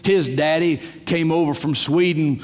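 A man's voice: a little high, fairly even intonation, a little slow, long reverb tail. An older man preaching a humorous, folksy sermon full of stories and bursts of laughter. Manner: storytelling, folksy, breaks into laughter and loud exclamations.

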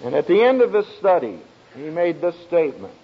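A man speaking to an audience as a family counselor, telling stories in a slow, emphatic way with dry humor. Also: on the high side, very animated, slightly rough. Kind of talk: speech to an audience. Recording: dull lo-fi recording.

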